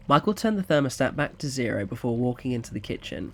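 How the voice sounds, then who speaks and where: A man narrating an audio story in a quiet, even storytelling manner. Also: medium pitch, fast talker, creaky, hardly any pauses, slight background noise.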